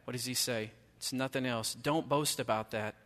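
A man's voice: mid-range voice, fairly even intonation, moderate pace, fairly bright tone. Man, middle-aged, preaching, rhetorical questions, reverberant church hall. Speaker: pastor. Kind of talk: sermon.

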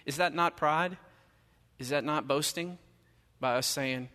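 A man's voice: on the high side, a little slow, pushed and bright, in a large hall. A middle-aged male pastor preaching a sermon in a conversational way, with emphatic rhetorical questions.

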